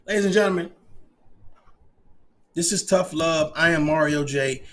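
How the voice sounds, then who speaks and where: A man in his forties hosting a podcast, ranting in an emphatic, profane, animated way. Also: a little high, moderate pace. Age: 40s. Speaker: podcast host. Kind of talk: casual monologue.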